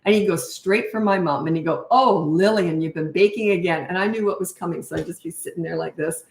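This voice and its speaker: A woman's voice: on the low side, quick pace, creaky, darkish tone, echoey room. An older woman, a parenting coach, chatting and telling stories while answering questions live. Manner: chatty storytelling, acts out voices in anecdotes. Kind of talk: live Q&A chat.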